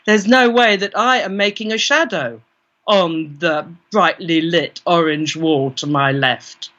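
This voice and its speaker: A woman's voice: lowish voice, measured pace, fairly bright tone. A British woman, an interview guest, telling a vivid first-person story and acting out her own inner voice. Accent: British English. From Britain. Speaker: guest, parapsychologist. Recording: dull lo-fi recording.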